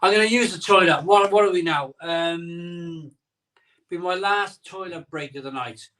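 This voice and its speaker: A man's voice: high voice, measured pace, bright, forceful tone, recorded from a distance. Rambling middle-aged man on a live stream. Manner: rambling, sentimental, reads chat comments aloud. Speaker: host of a live beer-drinking stream. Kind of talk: casual live-stream chat.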